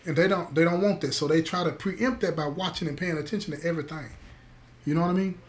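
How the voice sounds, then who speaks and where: His pitch fairly high and his speech fast, a man narrates a story to listeners. He stresses his points emphatically, repeats key words, and refers to the crowd as "y'all."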